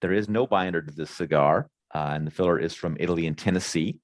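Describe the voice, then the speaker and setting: A man's voice: low voice, quick pace, dry recording. A man hosting a casual podcast from a studio, reading out product details with many "uh" fillers. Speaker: podcast host.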